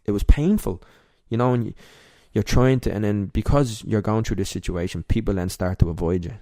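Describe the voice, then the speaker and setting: A young Irish man speaks as a podcast guest, candid and emotional, often halting mid-thought. His voice sits low and mellow, and the sound is close and dry with no room around it. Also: no echo. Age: young adult. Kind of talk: personal storytelling in interview.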